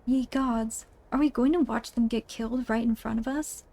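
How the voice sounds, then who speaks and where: A woman's voice: a little high, fairly even intonation, normal speed, darkish tone. A woman voicing a nervous young male thief who keeps asking anxious questions.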